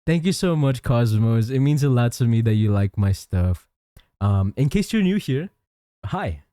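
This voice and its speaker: Young guy vtuber chatting w his stream, mellow warm voice, dry close mic. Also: mid-range voice, lively intonation, unhurried, clear, resonant tone, no echo. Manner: chatty, reads chat aloud, frequent restarts. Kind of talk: casual live-stream chat.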